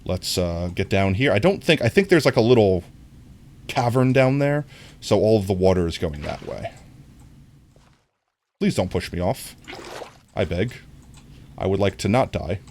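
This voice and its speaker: Young man, low voice, very lively pitch, casual livestream chatter, rambling, self-correcting. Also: unhurried, pauses often, a little hiss or hum. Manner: excitable when greeting viewers. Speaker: streamer. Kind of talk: casual gaming livestream chat.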